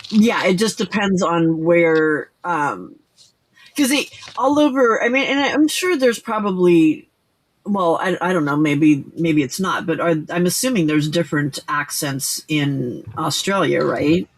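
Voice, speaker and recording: A woman's voice: on the low side, unhurried. An older woman hosting a casual late-night crafting livestream, rambling with many fillers and restarts.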